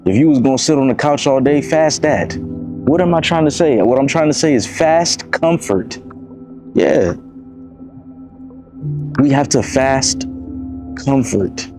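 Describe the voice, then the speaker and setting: A man's voice: mid-range voice, a little slow, long pauses, music in the background. A man in his twenties from Miami giving a casual motivational talk to camera, preachy and repetitive, calling his listeners bro. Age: 20s. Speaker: motivational vlogger.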